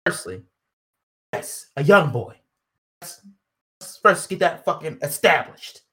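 A woman's voice: deep voice, lively intonation, slow, fairly bright tone. A woman ranting in heated casual commentary, profane, indignant and emphatic.

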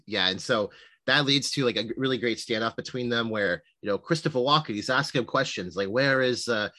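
Fast-talking bright-voiced podcast man. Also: mid-range voice, dry recording. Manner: rambling, lots of fillers and retold movie lines. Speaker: podcast co-host. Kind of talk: casual film discussion.

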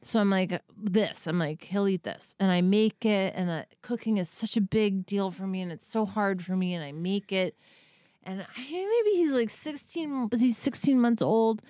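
A woman's voice: medium pitch, normal speed, dark tone, no echo, clean studio sound. A woman in her thirties telling a long, rambling, self-deprecating story in casual chat, swearing freely and acting out what people said. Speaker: podcast guest or co-host telling a story.

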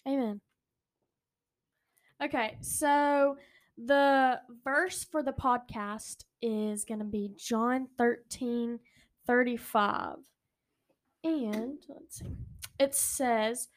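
A woman co-hosting a church youth podcast, reading verses slowly and carefully. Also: fairly high pitch. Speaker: podcast co-host. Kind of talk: casual chat and scripture reading.

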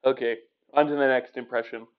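A man's voice: medium pitch, fairly even intonation, a little fast, smooth, phone-quality sound. A man hosting his own run of cartoon impressions, rambling and swearing as he moves from one bit to the next. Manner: rambling, swearing, laughing at himself. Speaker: impressionist host. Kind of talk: casual comedy impressions.

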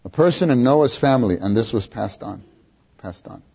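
A man preaching a sermon, often questioning his listeners and repeating words for emphasis, with a husky voice, on a dull lo-fi recording. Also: mid-range voice, expressive, moderate pace, a little mellow. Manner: questions the audience, emphatic repetition.

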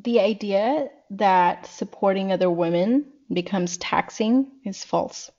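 A woman in her thirties, a podcast guest, talking in an earnest, reflective way and slowing down to stress her points. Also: medium pitch, dark tone. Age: 30s. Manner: earnest, reflective, slows for emphasis. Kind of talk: casual podcast conversation. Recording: dull lo-fi sound.

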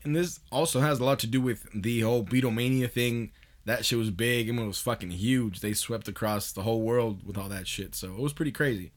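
A man's voice: medium pitch, a little fast. A man hosting a podcast in a loose, profane monologue, laughing often as he talks. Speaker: podcast host.

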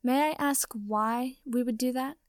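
A woman's voice: medium pitch, fairly even intonation, normal speed, gravelly, no echo, clean studio sound, close to an everyday voice. A woman reading as a bewildered young wizard. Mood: puzzled. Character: bewildered earnest young male wizard hero.

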